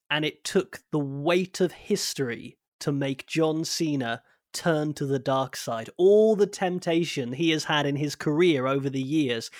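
A man's voice: fairly high pitch, dry recording. Enthusiastic male podcast host, dry sound. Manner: enthusiastic, addresses listeners directly. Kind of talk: casual podcast chat, show wrap-up.

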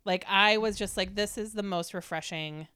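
Chatty woman in her forties, smooth voice. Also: medium pitch, moderate pace, bright, forceful tone, no echo, clean studio sound. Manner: chatty, frequent "like" fillers. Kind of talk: casual chat.

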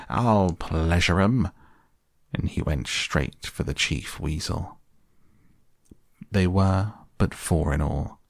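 A narrator reads a storybook tale aloud in a very deep, gravelly voice, slowly and dramatically. The recording is dry and close, with no room sound.

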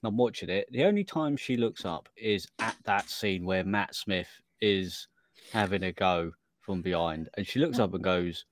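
Deep-voiced wry man. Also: moderate pace, no room sound. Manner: dry, wry storyteller. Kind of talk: casual chat.

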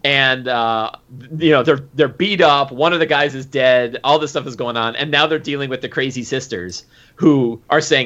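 A man who runs a tabletop game, recapping a session in casual, animated chat with lots of fillers. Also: medium pitch, normal speed. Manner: animated, full of fillers and acted quotes. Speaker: game master. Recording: dull lo-fi recording.

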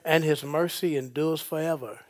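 A man's voice: a little high, steady tone, moderate pace. A man preaching a sermon as pastor in a church, often checking in with "okay?" and "amen?" in a call-and-response style.

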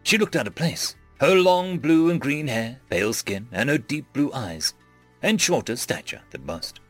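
A man narrating a written story in an expressive, varied reading. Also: mid-range voice, normal speed, soft background music.

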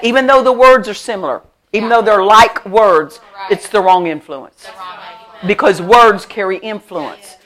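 A middle-aged woman pastor preaching a sermon at a church service. She tells stories with lively emphasis, laughs often, and repeats her key phrases. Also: mid-range voice, a little slow. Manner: animated storytelling with frequent laughter.

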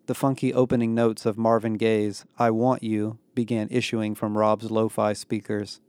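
A man narrating a novel in the first person with a steady, wry delivery. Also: on the low side, normal speed, clean tone, no room sound. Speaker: audiobook narrator.

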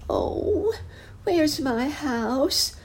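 A woman voicing a frightened lost little boy with a high crying wail. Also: lively intonation, very slow, heavily acted.

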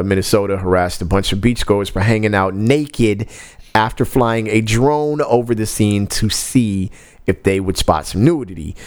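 Young male podcast co-host, low-pitched, relaxed slangy storyteller who laughs a lot. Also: no room sound. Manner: laid-back, laughs often, slangy. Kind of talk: casual chat, storytelling.

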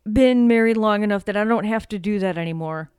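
A woman's voice: medium pitch, fairly quick, darkish tone, clear, resonant tone, dry recording. A woman co-hosting a casual podcast with her husband, playfully contrary and dry. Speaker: podcast co-host. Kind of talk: casual banter between spouses.

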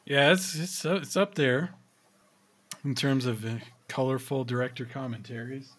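A man's voice: medium pitch, fairly even intonation. A man hosting a podcast, chatting casually and telling a story with lots of swearing and laughter. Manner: laughing, profane storytelling with quick impressions. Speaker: podcast host.

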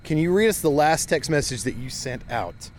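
Young man, campus street interviewer, jokey, animated pitch, faint background noise. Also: moderate pace. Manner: jokey, upbeat, chatty. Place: office, then outdoors on campus.

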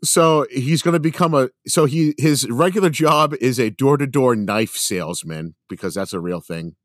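A man telling a story in casual podcast chat, rambling along with plenty of fillers and cursing. His voice sits at an ordinary pitch for a man. The recording is dry and close. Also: moderate pace, no room sound.

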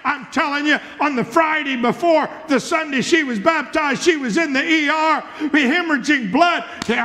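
A male pastor preaching a fervent sermon in a church, with rhythmic repetition and bursts of shouting. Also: very high voice, moderate pace, hardly any pauses, in a large hall.

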